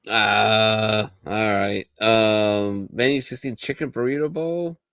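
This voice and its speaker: A man with a low voice hosts a casual podcast, joking and swearing freely as he banters. The sound is dry and close, with no room echo. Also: fairly even intonation, slow pace, creaky, fairly bright tone. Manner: profane, loose, joking. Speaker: podcast host.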